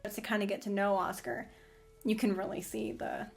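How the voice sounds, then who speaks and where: A woman hosting a casual anime fan commentary, rambling in an animated way with frequent laughs and restarts. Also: mid-range voice, moderate pace, gravelly.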